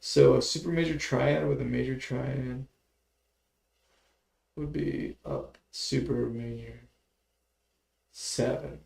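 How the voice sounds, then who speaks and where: A man's voice: medium pitch, steady tone, slow pace, creaky, pauses often, darkish tone. A man casually talking through music notation on a livestream, mumbling and thinking aloud as he works. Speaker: music producer streaming his work.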